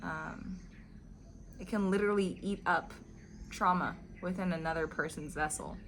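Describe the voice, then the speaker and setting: Casual, chatty woman with a lowish voice. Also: moderate pace, a bit bright, slight background noise. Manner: chatty storytelling with frequent "like" fillers. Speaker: vlogger discussing spiritual teachings. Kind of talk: casual reflective monologue.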